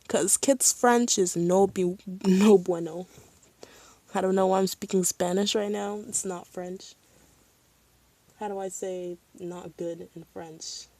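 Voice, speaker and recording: Chatty woman streamer, low-pitched. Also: no room sound. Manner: chatty, excitable fan gushing, frequent "like". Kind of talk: casual chat.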